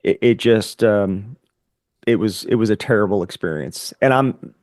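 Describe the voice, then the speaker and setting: A man's voice: lowish voice, normal speed, darkish tone, no echo, studio quality. A man telling his personal story as a podcast guest, earnest and reflective, often repeating words as he gathers his thoughts. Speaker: podcast guest, Air Force veteran.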